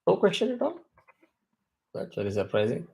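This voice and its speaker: A man teaching a chanting class over a video call, reciting verses slowly and correcting pronunciation syllable by syllable. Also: on the high side, huge pitch swings, gravelly, darkish tone. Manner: slow, careful syllable-by-syllable recitation.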